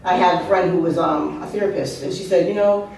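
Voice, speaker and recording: Her voice is on the low side, gravelly and a little mellow, with a steady tone and brisk pace, over slight background noise. She's an author in her fifties doing comic personal stories at an open mic in an art venue, chatting and throwing in asides and questions to listeners. The very echoey room leaves her sounding far off.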